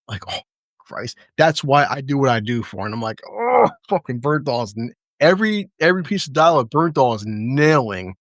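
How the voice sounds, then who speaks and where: A man hosting a casual review chat, excitable and profane, often acting out lines from scenes. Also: mid-range voice, moderate pace, no room sound, clean studio sound. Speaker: podcast host.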